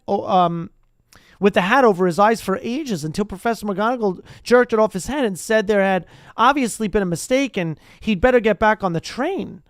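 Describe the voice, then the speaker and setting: A streamer reads a book aloud to a live chat, stumbling, restarting, and breaking off for chatty asides. The voice is mid-range at a moderate pace, recorded at studio quality with no room sound.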